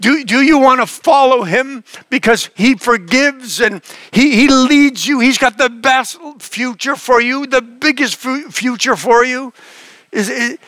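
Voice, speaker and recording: A man's voice: very high-pitched, unhurried, bright, forceful tone, dry recording. A man preaching a sermon, earnest and emphatic, asking the listeners questions and often restarting his phrases. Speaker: pastor.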